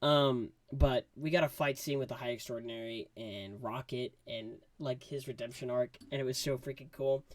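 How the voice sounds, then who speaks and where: A young man giving a casual movie review, talking in slang and acting out quotes from scenes with excitement. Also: mid-range voice, normal speed, few pauses, no echo.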